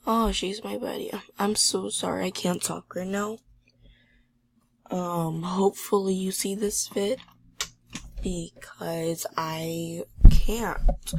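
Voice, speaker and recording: A teenage gaming channel host, suffering from a sore throat, speaks slowly in a mid-range voice with vocal fry and a slight roughness. Her casual gameplay commentary is subdued, and she reads chat messages out loud.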